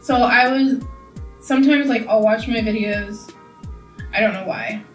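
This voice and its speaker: A woman's voice: fairly high pitch, measured pace, recorded from a distance, faint music behind. Young woman, from California, rambling vlog chat, echoey room, voice a little off-mic. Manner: rambling, chatty, lots of "like". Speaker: beauty vlogger. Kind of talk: casual chat while doing makeup.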